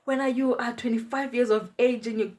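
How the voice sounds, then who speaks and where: A woman voicing her young aunt, who gushes and squeals with excitement. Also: on the high side, fairly quick, voice pushed up, lightly acted. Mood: teasing. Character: overjoyed young aunt, loud and bubbly.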